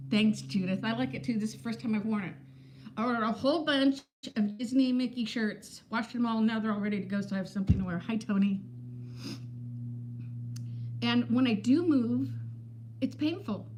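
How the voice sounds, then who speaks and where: A woman's voice: mid-range voice, slight background noise. A woman in her fifties chatting candidly on a casual livestream, rambling from thought to thought and greeting viewers by name. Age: 50s. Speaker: vlogger.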